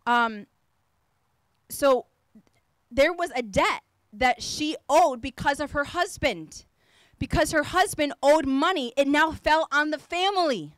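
High-voiced woman preaching a fervent sermon. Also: fairly bright tone, no echo. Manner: fervent, emphatic exhortation with repeated phrases. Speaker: apostle preaching.

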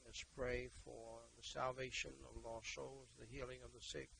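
Man, preacher, gravelly and mid-pitched, preaches in loud bursts and quiet stretches. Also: level tone, moderate pace, slight background noise, poor audio. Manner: emphatic, repeats words, swings between loud exhortation and quiet talk. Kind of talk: sermon and prayer.

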